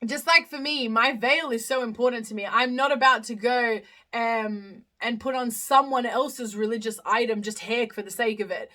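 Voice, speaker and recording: A woman's voice: a little high, normal speed, hardly any pauses, bright, forceful tone. A young woman from Australia hosting a casual live stream, chatting through viewer comments with lots of fillers and restarts. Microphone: phone live stream.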